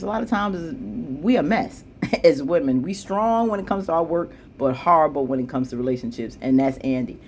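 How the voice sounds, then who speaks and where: A woman casually recapping a TV episode, chatty, with plenty of asides, acting out the characters' lines with jumps in pitch. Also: a little mellow, slight background noise. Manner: chatty, frequent fillers and asides. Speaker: TV show recap vlogger.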